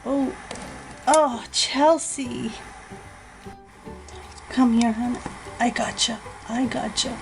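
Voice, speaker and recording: A woman's voice: fairly high pitch, fairly even intonation, slow pace, vocal fry, pauses often, faint music behind. A woman voicing a motherly doll. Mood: worried. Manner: soothing, motherly reassurance. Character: grown-up doll, caring big sister figure. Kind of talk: toy doll play voicing.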